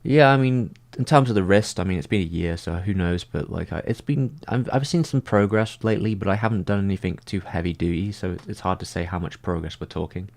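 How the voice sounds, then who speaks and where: A man in a casual livestream, answering viewer comments and thinking out loud, filling his talk with "like" and frequent restarts. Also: deep voice, fairly quick, creaky, hardly any pauses. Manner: rambling, heavy use of "like".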